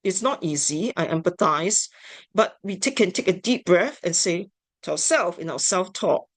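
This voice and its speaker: A woman giving an instructional talk on family therapy, measured and deliberate. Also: fairly low pitch, animated, no echo. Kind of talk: instructional lecture.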